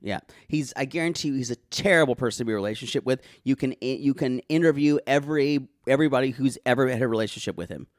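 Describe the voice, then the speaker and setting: A man from South Carolina, co-hosting a podcast in casual, catty chat and jumping into high voices when quoting people. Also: fast, few pauses, no echo, clean studio sound. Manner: catty, theatrical, jumps into high-pitched voices for quotes. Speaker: podcast co-host.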